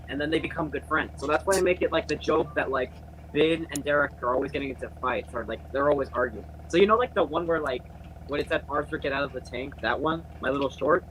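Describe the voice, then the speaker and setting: A man's voice: a little high, background noise. A young man chatting casually on a group call, rambling with lots of fillers and restarts. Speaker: channel host.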